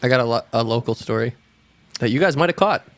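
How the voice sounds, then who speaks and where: A man's voice: medium pitch, expressive, fast talker, fairly bright tone, no room sound. A man with an ordinary mid-range voice, bringing up stories in easy podcast chat. His delivery is plain, with dry little asides. The recording is close and dry. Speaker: podcast co-host. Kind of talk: casual chat.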